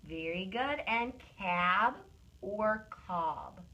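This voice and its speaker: A woman reading teacher giving a one-on-one phonics lesson, stretching out sounds slowly and praising often, recorded on a phone camera. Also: medium pitch, sharp tone, low-quality recording. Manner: slow, drawn-out modeling of sounds and words; encouraging praise.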